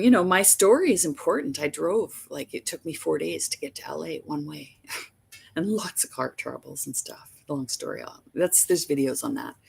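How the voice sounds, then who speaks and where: A woman's voice: low voice, gravelly, breathy edge. A woman hosting a livestream, telling a long story in a rambling, emphatic way. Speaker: livestream host.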